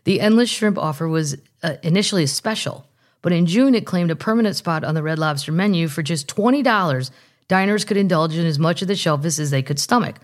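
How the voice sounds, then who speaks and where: A woman with a lowish voice hosts a casual comedy podcast. She reads news items aloud and keeps breaking off into jokey asides. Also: lively intonation, brisk. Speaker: podcast host.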